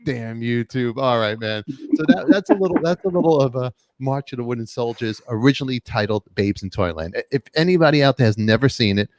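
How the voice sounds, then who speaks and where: Man, live show host, loud and joking, rapid shout-outs, dry close sound. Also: mid-range voice, lively intonation, dry recording. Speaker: podcast host. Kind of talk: lively live-stream chat.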